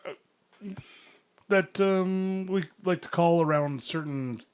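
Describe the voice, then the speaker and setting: A man's voice: high voice, takes it slowly, smooth. A man co-hosting a casual podcast, meandering through made-up stories with lots of ums and uhs. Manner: meandering, tells made-up stories with many fillers. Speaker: podcast co-host. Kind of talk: casual rambling chat.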